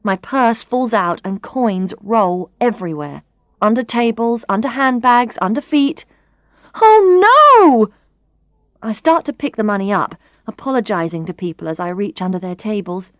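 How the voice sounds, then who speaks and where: A woman reading a first-person story for learners aloud, clear and expressive. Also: mid-range voice, normal speed, dry recording. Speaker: narrator. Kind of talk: scripted narration of a learners' story.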